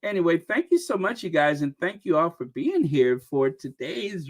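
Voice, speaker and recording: A woman's voice: lowish voice, very animated, moderate pace, hardly any pauses, a little mellow. A woman hosting a live stream, casually chatting and reading viewer comments with lots of laughter and exclamations. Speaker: livestream host reading super chats.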